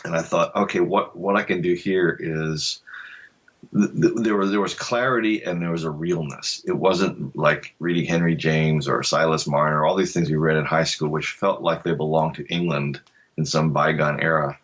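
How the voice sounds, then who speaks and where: A man's voice: a bass voice, steady tone, moderate pace, lo-fi sound. An older man from Delaware, an author being interviewed, telling stories in a thoughtful, reflective way. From Delaware, USA. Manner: thoughtful, reflective storyteller with soft laughs. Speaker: author guest. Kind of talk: conversational interview.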